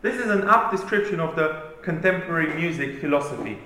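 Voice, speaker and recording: Male preacher, high lively voice, emphatic sermon delivery, heavy room echo. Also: brisk, slight background noise. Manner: emphatic, declamatory reading. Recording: very echoey room.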